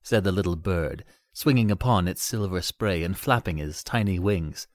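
A man narrating a fairy tale in an expressive storytelling manner. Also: low-pitched, normal speed, no echo, clean studio sound.

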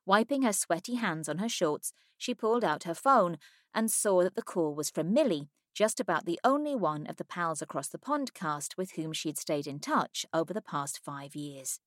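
A woman narrating an audiobook in a measured, even storytelling manner, close to a studio mic. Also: lowish voice, no room sound. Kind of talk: scripted narration.

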